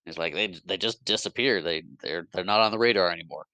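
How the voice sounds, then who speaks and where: A man on a podcast giving an animated, casual recap of a movie plot, jumping into quick character voices between fillers and restarts. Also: sits low, no echo. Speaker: podcast co-host.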